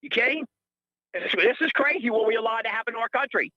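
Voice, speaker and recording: It's a heated call-in rant: a middle-aged man phones a radio show and rambles indignantly, repeating himself. His pitch is extremely high and he talks fast, with a dry, muffled recording.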